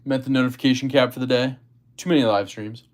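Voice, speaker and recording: A man's voice: medium pitch, fairly even intonation, fast. A man hosting a casual livestream, chatting about gear and reading viewer comments aloud. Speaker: livestream host.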